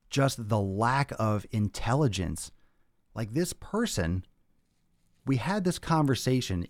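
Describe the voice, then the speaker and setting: A man's voice: fairly low pitch, a little mellow, dry recording, clean studio sound. A man hosting a fitness podcast, ranting casually and with exasperation, swearing often and acting out the exchanges he quotes.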